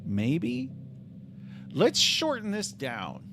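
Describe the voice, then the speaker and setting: A man's voice: high voice, wildly swooping pitch, drawn-out words, gravelly, a bit bright, slight background noise. A man hosting a livestream in casual chat, rambling and joking at his own expense. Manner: rambling, joking, self-deprecating. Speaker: livestream host.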